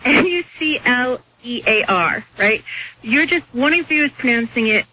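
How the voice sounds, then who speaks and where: High-voiced woman explaining pronunciation. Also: lively intonation, normal speed, husky. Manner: laughs easily, explains patiently. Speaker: radio guest, English professor. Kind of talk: casual radio talk. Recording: dull lo-fi radio with faint noise.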